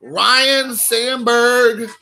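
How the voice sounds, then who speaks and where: Man in his thirties, high voice, raspy fry, rambling and excitable, card-opening stream host. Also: drawn-out words, soft background music, poor audio. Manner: excitable, rambling, calls people dude. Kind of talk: casual live-stream chat.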